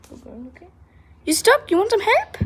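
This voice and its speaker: A woman's voice: very high voice, very animated, brisk, a little hiss or hum. A woman at home filming her pet bird on a handheld phone, talking to it in a coaxing, sing-song way. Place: indoors at home. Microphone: handheld phone camera.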